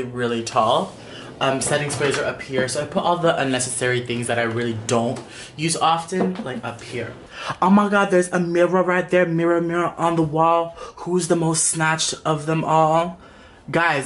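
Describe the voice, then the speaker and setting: A man's voice: medium pitch, a bit bright, a little hiss or hum. A man chatting as a beauty vlogger on a casual room tour, gushing and peppering his talk with "like" and "y'all", at home in a small room.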